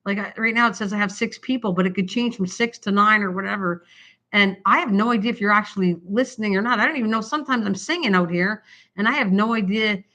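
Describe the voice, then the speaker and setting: A woman's voice: medium pitch, fast talker, bright, forceful tone. An older woman hosting a craft livestream, chatting in a rambling way to her viewers and laughing often. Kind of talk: rambling casual livestream chat. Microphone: built-in camera mic.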